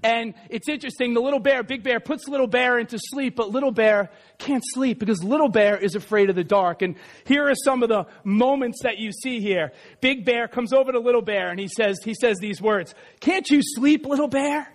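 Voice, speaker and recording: Very high-pitched man giving a conversational sermon, joking aside to the crowd. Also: a little fast, hardly any pauses. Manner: chatty, self-deprecating, many asides. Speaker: preacher.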